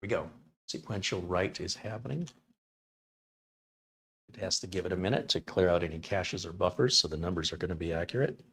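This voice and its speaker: American male streamer, lowish voice, casual live tech demo host. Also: fairly quick, long pauses. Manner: relaxed, chatty, reads chat names aloud. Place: home studio.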